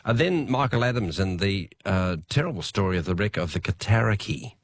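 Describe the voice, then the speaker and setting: An Australian man hosting late-night radio news, his voice hoarse from illness, chatting in a relaxed way with many fillers. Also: lowish voice, brisk. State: hoarse, unwell voice. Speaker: radio host.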